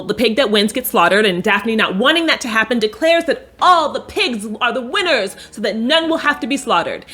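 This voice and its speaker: A bright, sharp-edged young woman's voice recapping a TV show for her vlog viewers. She talks sassy and animated, swears freely and slips into quick acted-out lines for the characters. Faint music sits behind her. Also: on the high side. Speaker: recap host.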